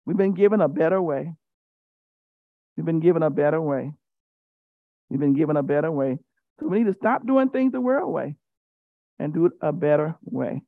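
A woman's voice: sits low, lively intonation, normal speed, long pauses, dry recording, phone-quality sound. A woman giving a sermon as a Bible teacher, emphatic and repetitive, teasing her listeners directly. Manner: emphatic, repeats key phrases.

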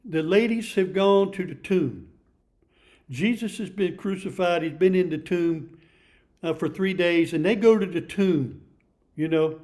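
A man's voice: high-pitched, a little slow, darkish tone. A man in his seventies preaching a sermon in a folksy, emphatic storytelling manner, often repeating himself. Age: 70s.

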